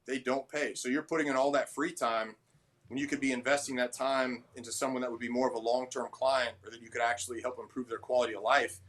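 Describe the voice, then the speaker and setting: A gym owner and trainer talks in a casual interview, his voice middle-pitched and a bit bright with a level tone and quick pace. He comes across blunt and somewhat abrasive, acting out other people's lines as he tells stories.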